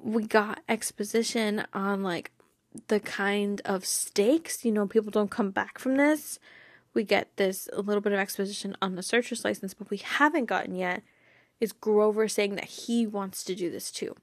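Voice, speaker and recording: A woman's voice: mid-range voice, fairly even intonation, normal speed, no echo, clean studio sound. A woman hosting a casual fan podcast, bubbly and giggly, rambling with lots of "like" and "you know.". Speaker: podcast host.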